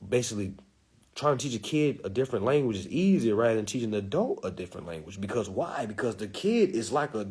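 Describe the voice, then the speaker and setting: Man, preachy casual talk, husky voice, lively pitch swings. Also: quick pace. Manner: preachy, animated, acts out quotes. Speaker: spiritual teacher.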